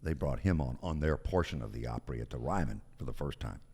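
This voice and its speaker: A man hosting a radio interview in a studio, prompting his guest in a relaxed conversational way. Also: a bass voice, brisk, breathy edge, in a large hall. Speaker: radio show host.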